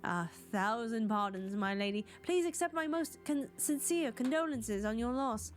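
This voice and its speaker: A woman voicing a self-important, theatrical gentleman detective, reading his grand deductions quickly. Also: fairly high pitch, animated, soft background music, natural voice. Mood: pompous.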